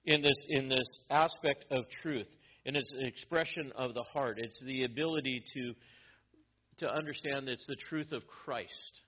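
Male pastor, mid-pitched, teaching a sermon verse by verse, muffled lo-fi recording. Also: unhurried, husky. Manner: explanatory Bible teaching with frequent restarts.

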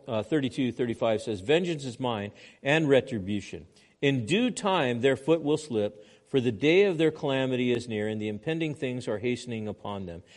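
A man preaching a sermon in church, his delivery swinging between raised, urgent lines and quiet, hushed ones. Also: medium pitch. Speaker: pastor.

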